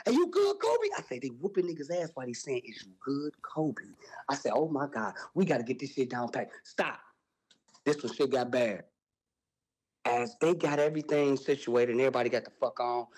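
A young man telling a wild story on a podcast, loud and animated, with sound effects and profane slang. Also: medium pitch, husky, poor audio.

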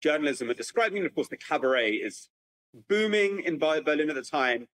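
Animated man giving a lecture. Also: a little high, a little fast, poor audio. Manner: lively, animated storytelling with frequent restarts. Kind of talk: public lecture. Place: at home with a computer, remote talk.

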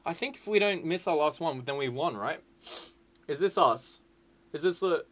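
Excitable sweary young man gaming. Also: on the high side, normal speed. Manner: excitable, sweary, shouts at the screen. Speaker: gaming YouTuber. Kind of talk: casual game commentary.

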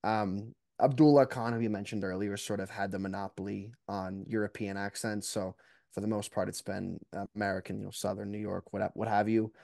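A young man chatting casually as a podcast guest, relaxed and self-deprecating. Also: fairly low pitch, a little fast, vocal fry, no echo, studio quality. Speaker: guest, mock trial competitor.

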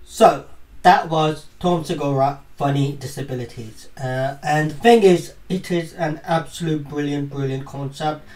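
A man hosting a reaction video, giving casual commentary with slow, laughing asides. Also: a little high, a little mellow, reverberant, far from the mic, low-quality recording.

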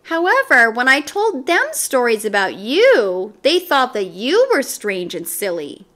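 A woman voicing a friendly young male yard teacher who tells a story to a class with patient, lively storytelling. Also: fairly high pitch, a little slow, full character voice.

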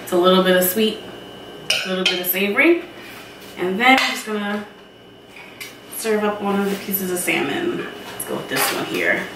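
A woman hosts her own cooking show in a roomy kitchen and talks straight to the viewers in a chatty, friendly way. She is recorded from some distance away, so her voice sounds echoey. Quiet clinks of dishes and cutlery can be heard in the background. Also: mid-range voice, moderate pace, pauses often, background noise. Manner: chatty, addresses viewers directly. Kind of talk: casual cooking demonstration. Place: home kitchen.

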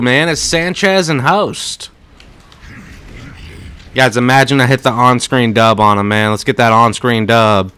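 A young man streaming a shooter game, talking casually and trash-talking loudly, swearing, with sudden shouted outbursts. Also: mid-range voice, measured pace, pauses often, smooth. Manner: loud, excitable trash talk, swearing, bursts of shouting. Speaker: gaming streamer. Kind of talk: casual gameplay commentary.

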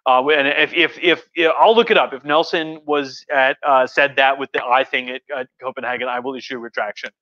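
A man's voice: mid-range voice, a little fast, hardly any pauses, sharp tone, dull audio. A man hosting a casual livestream history talk as a professor, rambling enthusiastically with many restarts. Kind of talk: casual lecture on a live stream.

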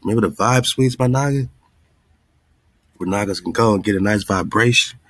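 A man's voice: lowish voice, moderate pace, a bit bright, no echo. A man hosting his own channel, chatting casually and rambling to viewers about a community fundraiser, dropping "man" and "you know" often. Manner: laid-back, rambling, says "man" and "you know" a lot.

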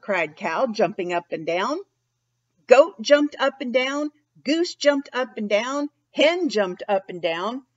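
A woman reads a children's story in a slow, unhurried way, her fairly high voice rising and falling a lot. She speaks expressively and turns to ask young listeners questions. The recording is a little dull and lo-fi. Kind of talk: storytime read-aloud.

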